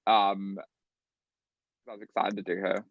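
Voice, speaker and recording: A man with an Australian accent, a drag performer talking as a guest in a casual interview, animated and quick to laugh. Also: deep voice, dry recording, muffled recording. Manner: animated, laughing, acts out quotes.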